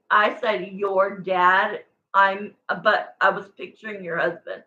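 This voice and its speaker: Slow-talking woman tarot reader, chatty. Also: mid-range voice, little pitch movement, pushed and bright, highs cut off. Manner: chatty, rambling, self-correcting, answering viewers. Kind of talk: casual livestream tarot reading.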